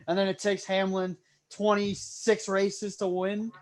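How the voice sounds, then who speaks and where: A man with a high voice co-hosts a casual podcast chat. He jokes and laughs easily. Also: little pitch movement, normal speed. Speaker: co-host.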